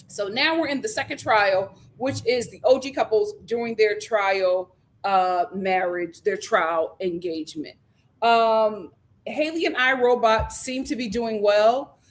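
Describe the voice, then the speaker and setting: A woman hosting a casual recap vlog, telling the story in a lively way and acting out what people said, with filler ums. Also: medium pitch. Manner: lively storytelling, acts out quotes. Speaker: host.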